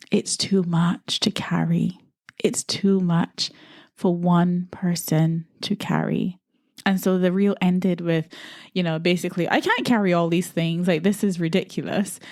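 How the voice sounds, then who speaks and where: A Caribbean-born woman hosts her podcast in a mellow, slightly low voice, recorded dry and close. She talks to listeners earnestly and encouragingly, in a conversational flow sprinkled with "you know" asides. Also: no room sound. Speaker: podcast host. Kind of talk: podcast monologue.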